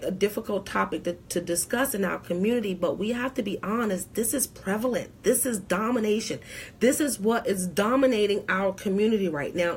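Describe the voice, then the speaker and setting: A woman's voice: medium pitch, husky. A woman accountant on a live stream, giving tax advice in an emphatic, preachy way and repeating her key points.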